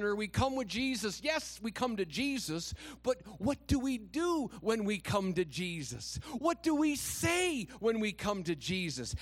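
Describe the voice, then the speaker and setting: A man pastor preaching a slow, deliberate sermon with a high voice that climbs and plunges widely. He drops to hushed asides, then rises into loud declarations and asks many rhetorical questions. The sound is close and dry. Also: no echo.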